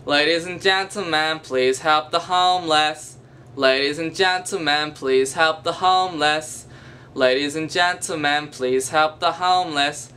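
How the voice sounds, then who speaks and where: A man's voice: a little high, a little slow, pushed and bright, clean tone. A young man with a nasal voice imitating a beggar who repeats one plea in the same sing-song tone. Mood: droning. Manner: same phrase repeated in one fixed intonation.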